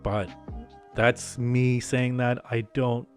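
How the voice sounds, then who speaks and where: A man's voice: medium pitch, flat delivery, takes it slowly, soft background music. Profane ranting man hosting a podcast. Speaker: podcast host. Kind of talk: casual comedic monologue.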